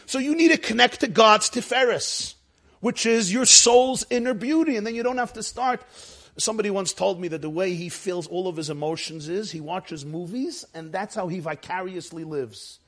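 A man teaching a spiritual lecture to an audience, animated and emphatic, asking many rhetorical questions. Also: sits high, moderate pace. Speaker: religious teacher.

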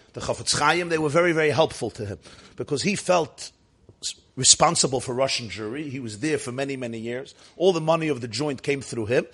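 A man's voice: medium pitch, a bit bright, slightly rough. A man teaching a Torah class as a rabbi, telling a story and explaining each Hebrew and Yiddish term step by step. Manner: explains terms and texts step by step, mixing in Yiddish and Hebrew words.

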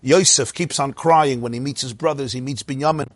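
Husky-voiced man teaching Torah. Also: medium pitch, brisk, no room sound. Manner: animated, rhetorical questions, repeats words. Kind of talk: Torah lecture.

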